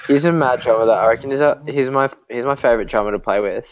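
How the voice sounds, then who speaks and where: A man's voice: mid-range voice, quick pace, low-quality recording. A young man with an Australian accent, chatting casually with a friend while gaming. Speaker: gamer.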